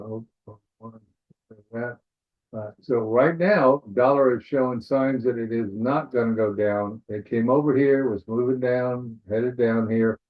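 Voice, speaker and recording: A man leading a live trading webinar, walking through charts in a casual way, thinking aloud and saying "all right" again and again. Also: mid-range voice. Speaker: forex trading instructor. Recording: tinny phone-like webinar audio.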